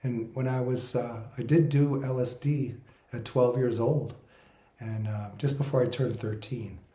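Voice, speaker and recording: Mellow-voiced man in his sixties, echoey room. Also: medium pitch, fairly even intonation, unhurried. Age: 60s. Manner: earnest, reflective, wandering with self-corrections. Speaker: spiritual musician recounting his experiences. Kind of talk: personal storytelling monologue.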